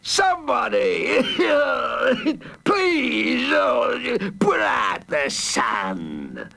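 A man voicing a panicked male villain who shouts and wails in a storybook reading. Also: extremely high pitch, wildly swooping pitch, drawn-out words, creaky, voice pushed up, exaggerated voice. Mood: wailing. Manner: wailing, shouting, blustering.

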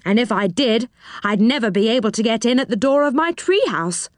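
A woman's voice: fairly high pitch, expressive, brisk, dry recording, studio quality, natural voice. A woman voicing a kindly, round-faced male magical creature who lives in a treehouse, eager and friendly. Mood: protesting.

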